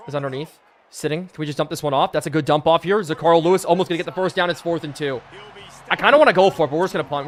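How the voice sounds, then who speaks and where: A hoarse man in his twenties from Pennsylvania, giving hyped live game-stream commentary and chatting with viewers. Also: on the high side. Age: 20s.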